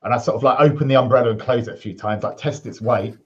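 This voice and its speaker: A man's voice: medium pitch, fast, lo-fi sound. A man playing a tabletop game, talking in a laid-back way. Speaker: player. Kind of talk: casual tabletop game play.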